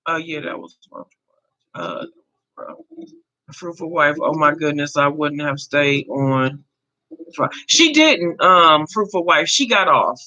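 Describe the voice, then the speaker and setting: A woman's voice: low voice, lively intonation, takes it slowly, sharp tone, dull audio. A woman in her fifties hosting a casual live chat, talking to viewers and answering their comments as she goes. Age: 50s. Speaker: livestream host.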